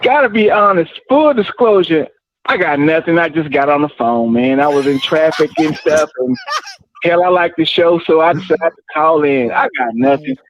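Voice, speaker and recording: A man calls in to a sports talk show, rambling in an easygoing way. His voice sits high. The call comes through a muffled, dull phone line. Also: moderate pace, slight background noise. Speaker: caller.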